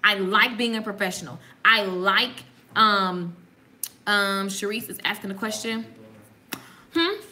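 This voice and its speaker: Bright, lively woman with a sassy drawl. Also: mid-range voice, a little slow, pauses often. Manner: sassy, animated, laughs often. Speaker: host. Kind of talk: casual chat.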